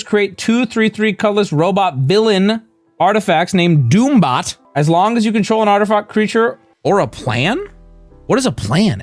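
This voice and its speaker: A male streamer opening card packs live and reading the cards aloud, excitable and profane. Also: a little high, no room sound.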